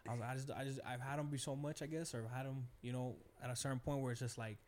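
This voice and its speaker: A young man talks fast in a relaxed, slangy way, telling stories and slipping into his friends' voices when he quotes them. His voice is dark and mellow. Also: medium pitch, a little hiss or hum. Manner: laid-back slangy storyteller, quotes friends in lively voices. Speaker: podcast host. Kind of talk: casual chat, storytelling.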